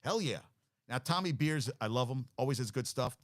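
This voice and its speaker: A man's voice: medium pitch, animated, moderate pace, no echo, studio quality. Rambling male sports talk host. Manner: rambling, reads off stats and thinks aloud; blanks on names and corrects himself. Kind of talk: casual sports talk monologue.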